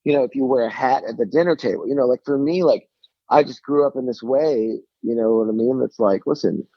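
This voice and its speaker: A man's voice: medium pitch, brisk, no room sound. A man calling in as a guest, talking earnestly and rambling with lots of "you know" and "like", heard over a phone call. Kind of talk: casual phone interview.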